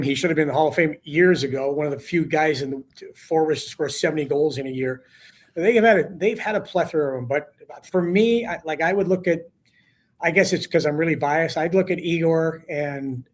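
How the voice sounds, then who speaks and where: Brief: male hockey broadcaster guest, lively raconteur, slightly high voice, talk-show chat. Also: fairly quick. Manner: animated storyteller, acts out quotes with rising voice. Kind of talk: casual storytelling on a sports talk show.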